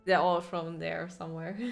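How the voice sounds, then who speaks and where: A woman's voice: fairly low pitch, creaky. A woman streaming a video game, chatting casually and playfully with her viewers and laughing often. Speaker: gaming streamer. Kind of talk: casual live-stream commentary over gameplay.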